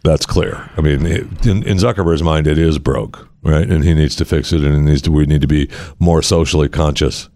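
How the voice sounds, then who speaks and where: A man's voice: rumbling low, fairly even intonation, normal speed, few pauses, warm tone, no echo, studio quality. A man hosting a talk podcast, rambling and sarcastic as he banters with his co-host. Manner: sarcastic, rambling, mock-pleading. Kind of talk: casual talk show banter.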